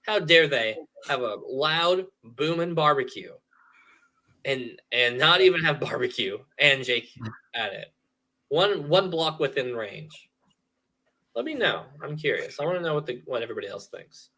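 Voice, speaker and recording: A man co-hosting a casual podcast, joking through the story and swinging his voice up and down as he talks. His tone is bright and forward, and he sits a little higher than most men. He keeps the chat loose and animated. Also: moderate pace. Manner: animated, joking, drops into put-on quotes. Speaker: podcast co-host.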